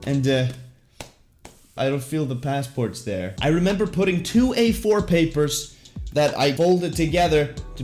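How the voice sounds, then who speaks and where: A man's voice: on the high side, a little mellow. Jokey young man telling a storytime. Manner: jokey, self-deprecating, full of puns and asides. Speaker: vlogger. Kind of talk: comedic storytime monologue.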